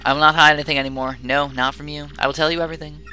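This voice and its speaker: Man voicing a loyal male game computer, formal and measured, bright tone. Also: a little high, flat delivery, slight background noise, voice pushed up. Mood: solemn. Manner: stiff, formal, measured speech. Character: dutiful male base computer with a conscience.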